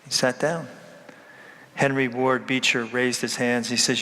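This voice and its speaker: A man's voice: mid-range voice, little pitch movement, a little slow, pushed and bright, long reverb tail. A man giving a sermon as a priest, emphatic, repeating key words and asking the congregation rhetorical questions.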